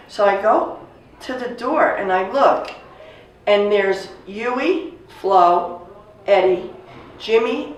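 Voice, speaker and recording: A woman in her sixties casually telling a family story, animated and acting out the voices of the people she quotes. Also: mid-range voice. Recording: echoey room, distant mic, faint noise.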